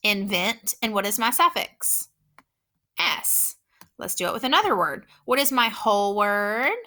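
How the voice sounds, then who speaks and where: A woman teacher giving a slow, clear, encouraging phonics lesson to children. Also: a little high, very animated, bright, forceful tone.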